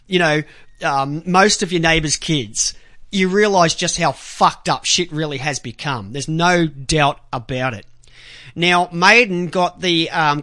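Bright-voiced Australian talk radio host. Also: male voice, on the high side, no echo. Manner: rambling, many ums and restarts, swears freely. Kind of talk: casual talk radio monologue.

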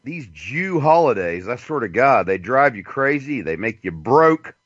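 Brief: lively, animated male radio host, crude and joking, muffled dry lo-fi audio. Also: medium pitch, a little slow, no echo. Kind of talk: casual talk radio monologue. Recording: dull dry lo-fi sound.

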